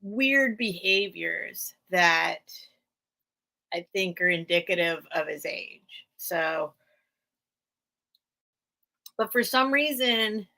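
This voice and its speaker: A woman's voice: lowish voice, lively intonation, extremely slow, vocal fry, pauses often, pushed and bright. An American woman hosting a live sale stream, chatting casually and rambling, with frequent laughs. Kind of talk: casual livestream chat.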